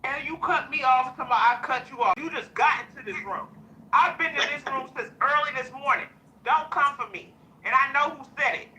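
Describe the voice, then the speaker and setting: A woman's voice: sits high, brisk, pushed and bright, low-quality recording. A woman arguing in a heated online audio-room chat, pushing everyone to be open and honest. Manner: argumentative, insists on being open and honest.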